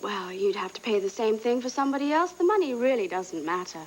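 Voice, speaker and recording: A sly, scheming schemer. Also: female voice, on the high side, animated, fast talker, darkish tone, poor audio. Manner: sly, cutting, sweetly manipulative. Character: scheming woman trading barbs. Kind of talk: 1980s TV soap acting.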